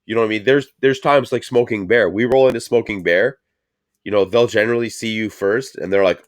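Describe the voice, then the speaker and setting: A man hosts a casual talk show, rambling from story to story and swearing freely. His voice sits a bit low and the sound is dry and close. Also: fairly quick, dry recording. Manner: rambling, swears a lot, lots of fillers. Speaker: show host. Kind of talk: casual profane chat.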